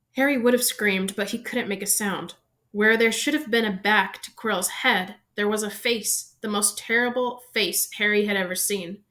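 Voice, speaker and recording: A woman narrates a children's fantasy novel aloud, with expressive storytelling. Her voice sits at an ordinary middle pitch for a woman. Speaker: reader.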